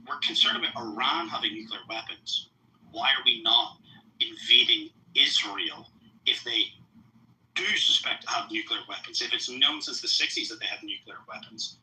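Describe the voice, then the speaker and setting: A man's voice: mid-range voice, pushed and bright, poor audio. A man in a live online debate, arguing in a combative, sarcastic way.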